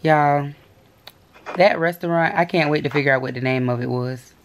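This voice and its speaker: A young woman in her twenties with a hoarse, worn-out voice, chatting casually to her vlog viewers. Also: deep voice, moderate pace, a little hiss or hum. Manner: chatty, storytelling, slangy. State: hoarse, lost voice. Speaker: vlogger.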